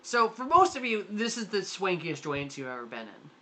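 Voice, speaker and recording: Bright-voiced rambling game master. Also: mid-range voice, sing-song, normal speed, slight background noise. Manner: rambling, lots of likes and restarts. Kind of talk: narrating a tabletop game.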